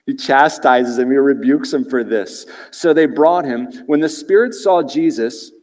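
A man's voice: medium pitch, a little slow. Man preaching in a reverberant hall. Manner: conversational, animated retelling with rhetorical questions. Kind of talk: expository sermon.

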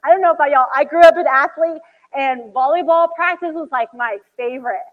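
Woman preacher, high voice, chatty storytelling sermon, dull sound, hall reverb. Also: fairly quick. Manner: animated storytelling with acted-out quotes, frequent "like".

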